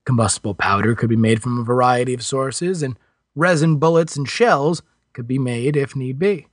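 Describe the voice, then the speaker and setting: A man reading a science fiction audiobook in scripted narration with expressive, varied delivery. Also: medium pitch, moderate pace, no room sound, studio quality.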